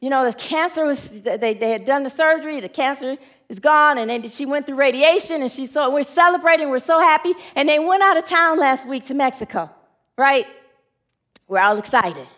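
A woman pastor preaching an earnest sermon, inviting call and response from the congregation and dropping low and quiet in sorrowful moments. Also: lively intonation, moderate pace.

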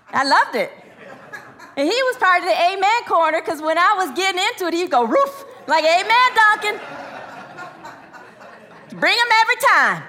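A middle-aged woman minister giving a sermon, telling stories with laughs and asides and rising excitedly when she quotes people. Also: high-pitched.

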